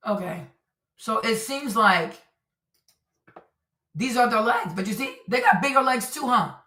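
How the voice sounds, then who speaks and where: Animated woman streamer in echoey room. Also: a little high, unhurried, recorded from a distance. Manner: animated, repetitive, talks to her audience. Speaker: streamer commentator. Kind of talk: livestream commentary. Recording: roomy echo, voice a bit off-mic.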